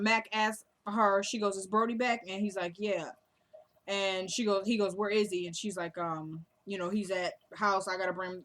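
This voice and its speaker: A woman's voice: mid-range voice, fairly bright tone. A young woman casually retelling a TV episode, acting out the characters' lines in a chatty way. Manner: chatty retelling with quoted dialogue. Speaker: recap host.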